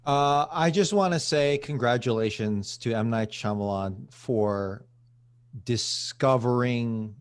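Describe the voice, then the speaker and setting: A man with a mid-range voice joins a podcast movie discussion with casual, sarcastic remarks. His delivery is dry and relaxed. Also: medium pitch, slow pace, clear, resonant tone. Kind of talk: casual film review chat.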